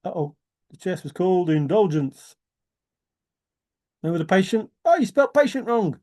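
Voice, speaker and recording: A man's voice: high voice, very animated, normal speed, a little mellow. A man rambling in a teasing, giggly solo monologue, often laughing and repeating words. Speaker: treasure-hunt video maker.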